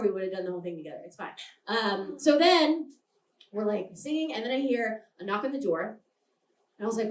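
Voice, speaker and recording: A young adult woman doing a stand-up comedy set at a live show, brash and rambling, often laughing through her lines. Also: medium pitch. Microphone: handheld stage mic. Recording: roomy venue, mic picked up from a distance.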